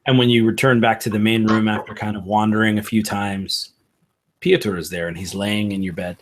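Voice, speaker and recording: A man narrating a tabletop game as game master, in slow, halting narration with fillers. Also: lowish voice, little pitch movement, slight background noise.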